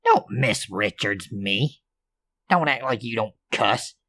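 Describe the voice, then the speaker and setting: A man's voice: on the low side, expressive, slow pace, bright, forceful tone, exaggerated voice. A loose-tongued female school counselor, as a man plays her, tossing off jokes and curses in an offhand way. Her voice sits near the storyteller's own, with little change.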